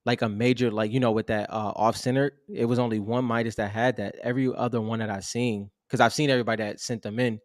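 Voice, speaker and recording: A young man co-hosting a relaxed chat about trading cards, laid-back and slangy. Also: medium pitch, quick pace, few pauses, dry recording, studio quality. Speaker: co-host of a card collecting show. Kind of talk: casual chat.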